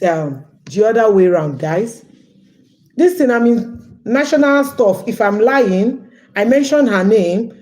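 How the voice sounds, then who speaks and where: A woman from Nigeria chats to her viewers in a casual livestream. Her voice sits in a mid range with a dark, mellow tone. She tells a story in a loose, talky way and repeats lines for effect. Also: medium pitch, animated, slow. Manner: chatty, addresses viewers as guys, repeats phrases. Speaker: livestream host.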